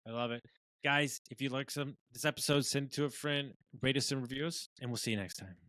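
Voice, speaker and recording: A man's voice: mid-range voice, fast, pushed and bright, no room sound, poor audio. A man hosting a podcast, chatting casually and affirming his guest, often restarting his sentences. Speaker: podcast host. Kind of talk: casual interview chat.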